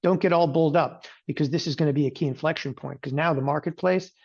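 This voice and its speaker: A man's voice: on the high side, quick pace, darkish tone, highs cut off. A middle-aged man giving a live market lesson, talking casually with jokey asides, tossing in "okay" and mock quotes. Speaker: trading educator.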